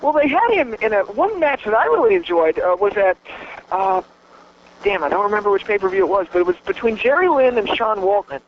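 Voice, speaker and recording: A man with a high voice chats excitedly about wrestling matches, bragging and laughing as he goes. The sound is dull and lo-fi with a faint hum underneath. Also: brisk. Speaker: podcast co-host. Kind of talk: casual wrestling chat.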